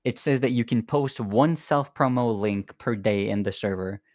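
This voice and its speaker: A man's voice: medium pitch, moderate pace, darkish tone, no room sound, clean studio sound. A man from Canada chatting casually on a podcast, easygoing with lots of fillers. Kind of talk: casual chat.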